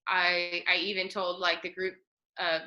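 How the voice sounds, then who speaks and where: Bright-voiced chatty woman on a video call. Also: on the low side, normal speed, dull audio. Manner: chatty, animated, quotes others often. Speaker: sign language student. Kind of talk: casual peer feedback chat.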